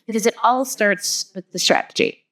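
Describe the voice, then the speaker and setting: A woman's voice: mid-range voice, moderate pace, a bit bright. A woman, a guest on an interview show, explaining her ideas through long everyday analogies with frequent "like" and "you know". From US Midwest. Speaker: guest, marketing business founder. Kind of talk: casual interview chat.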